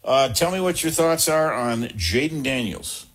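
A man hosting a sports call-in radio show, affable and quick to react. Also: medium pitch, animated. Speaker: sports talk radio host.

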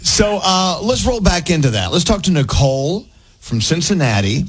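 A man's voice: high-pitched, very animated, normal speed, breathy edge, rough recording. A middle-aged man co-hosting a radio morning show, chatting with a caller and telling stories with frequent restarts. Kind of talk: casual on-air banter with a caller.

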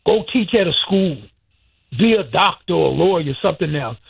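A man's voice: high-pitched, expressive, moderate pace, vocal fry, slightly rough. A man calling in to a radio show, bluntly scolding and ranting. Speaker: caller. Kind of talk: opinionated call-in rant. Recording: muffled phone line.

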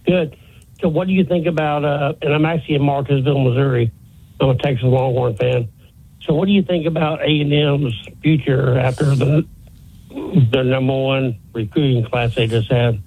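A man's voice: mid-range voice, moderate pace, slightly rough. A man calling a sports radio show, friendly and casual, asking about a team. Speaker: caller. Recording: tinny phone line.

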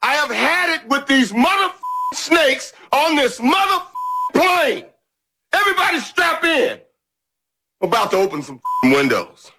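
A furious man bellows a profane outburst. His voice runs high, bright and lively, swinging up sharply. The sound is distant film audio with faint noise behind it. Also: a little slow, full character voice. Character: furious man fed up with snakes on a plane.

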